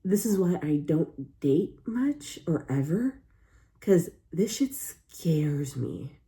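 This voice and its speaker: Mellow-voiced woman ranting in a reaction. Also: fairly low pitch, big pitch swings, slow pace. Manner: exclamatory, incredulous, rants at viewers. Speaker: reaction video host. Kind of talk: casual reaction commentary.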